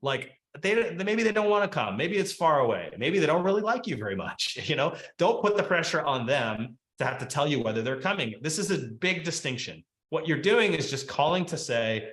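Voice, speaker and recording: A man teaching a webinar talk on real estate marketing, lively and conversational, acting out quick phone dialogues. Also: mid-range voice. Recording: echoey room.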